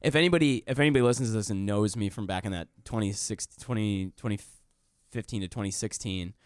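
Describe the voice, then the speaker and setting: A man's voice: lowish voice, quick pace, clean tone, dry recording, clean studio sound. A male comedian telling a story on a podcast, swearing freely and breaking into laughs as he goes. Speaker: comedian guest.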